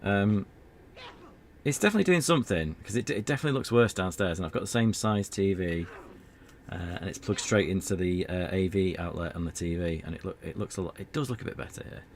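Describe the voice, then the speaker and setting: A man's voice: low-pitched, fairly quick, a little hiss or hum. A man streaming an old adventure game, chatting casually in a rambling, self-deprecating way. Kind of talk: casual gameplay commentary.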